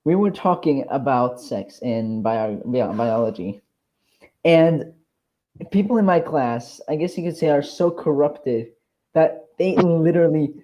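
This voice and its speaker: Teen boy, mellow and hesitant. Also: fairly high pitch, lively intonation, unhurried, low-quality recording. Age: teens. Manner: hesitant, lots of ums and restarts, embarrassed. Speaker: storyteller. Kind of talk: casual chat.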